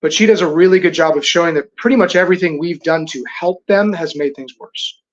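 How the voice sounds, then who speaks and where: A man guest on a podcast, explaining his views in a measured, earnest way. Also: a little high, highs cut off. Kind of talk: casual chat.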